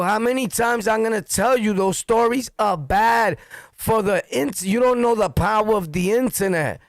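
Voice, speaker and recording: A middle-aged man with a New York accent holds forth in a blunt, profane street-talk monologue. His voice sits high for a man and has a gravelly edge. The sound is dry and close. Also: normal speed, dry recording. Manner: blunt, profane, animated storytelling. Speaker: streamer and commentator.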